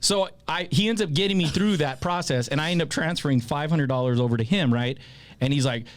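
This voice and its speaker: A man hosting a podcast, telling a long story in a casual, animated way, with a lot of swearing and laughter. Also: a little high, brisk, dry recording. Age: adult with a child. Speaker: podcast host.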